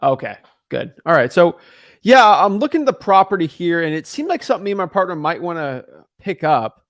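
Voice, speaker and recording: His high-pitched, sing-song voice moves at a brisk clip as he rambles through explanations of his cold calls for viewers and conversations with sellers, often repeating words when starting a sentence. He is a real estate wholesaler, and the studio-quality audio has no echo.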